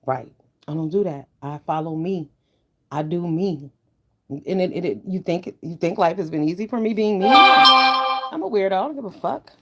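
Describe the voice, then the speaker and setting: A woman ranting to her viewers in a blunt, profane, heated way, swinging from low mutters to loud outbursts. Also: moderate pace. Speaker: online commentator. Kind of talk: ranting commentary vlog.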